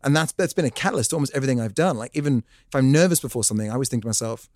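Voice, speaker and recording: A man, a podcast guest telling a comic story in a jokey, animated way. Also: mid-range voice, very fast, dry recording, clean studio sound. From South Africa. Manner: animated, jokey, acts out voices in his stories. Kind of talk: comic storytelling in casual chat.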